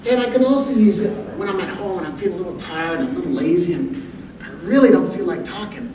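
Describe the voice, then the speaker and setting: A man giving a motivational talk, telling humorous personal stories with an animated, self-deprecating delivery. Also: high-pitched, fast. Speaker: motivational speaker. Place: university lecture hall. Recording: echoey hall audio from far off with background noise.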